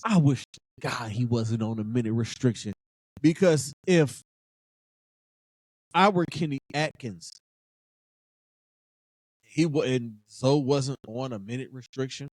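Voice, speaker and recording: A man's voice: mid-range voice, a little slow, long pauses, a little mellow, no echo. A man in his thirties hosting a sports podcast in casual talk, fired up and emphatic, repeating phrases for effect.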